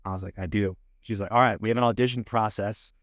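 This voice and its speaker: A man in his thirties with a Texan accent, a podcast guest telling his story in a casual, animated way and acting out the people he quotes. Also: lowish voice, fast talker, no echo, clean studio sound. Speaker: podcast guest, food show host. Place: podcast studio.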